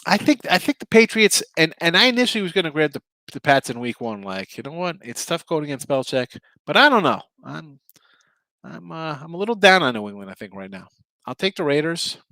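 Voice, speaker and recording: A man's voice: a little high, very animated, a little fast, sharp tone, no room sound. Man, middle-aged, betting show host, tired, rambling chat, dry close sound. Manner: rambling, self-correcting, chatty with viewers. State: tired, yawning. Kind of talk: casual livestream chat.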